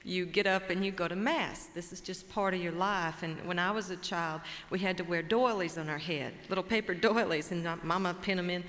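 A Cajun woman from Louisiana, storytelling and emceeing live on stage in a lively, folksy way, with a Cajun accent. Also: lowish voice, fairly quick, few pauses. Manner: lively, folksy, warmly engaging the audience. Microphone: stage microphone. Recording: long hall reverb from a live stage.

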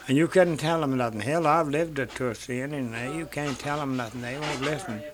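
A man's voice: medium pitch, fairly quick, crowd noise. An older man telling family stories in a rambling way, in rural dialect, repeating "he said" and swearing freely. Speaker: interviewee. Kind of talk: rambling folk storytelling.

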